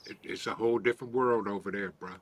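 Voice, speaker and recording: A man's voice: on the low side, fairly even intonation, fast. A man co-hosting a livestream on a video call, answering in a laid-back, terse way. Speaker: co-host. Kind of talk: casual chat.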